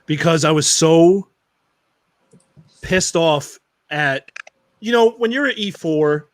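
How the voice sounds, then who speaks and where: A man hosting a casual podcast, animated and swearing freely. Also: a little high, takes it slowly, no echo. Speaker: podcast host.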